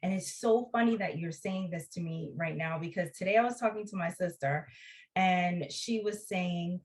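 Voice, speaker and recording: A woman's voice: on the low side, normal speed. A woman hosting a podcast, talking casually and chattily and laughing easily. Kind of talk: casual conversation.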